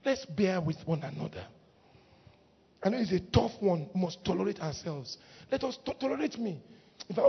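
A woman preaching a lively sermon in church, laughing often and breaking into shouts. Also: mid-range voice, slightly rough. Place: church hall. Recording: muffled recording in a reverberant hall.

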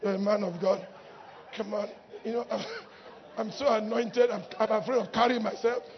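A woman preaching a lively sermon in church, laughing often and breaking into shouts. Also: mid-range voice, moderate pace, a faint crowd. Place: church hall. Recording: muffled recording in a reverberant hall.

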